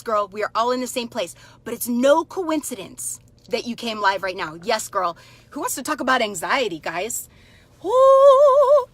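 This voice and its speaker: A chatty woman in her thirties hosts a live stream as a coach, answering her viewers by name. Her voice sits a little high, and she talks casually and upbeat into a close phone mic. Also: fairly bright tone.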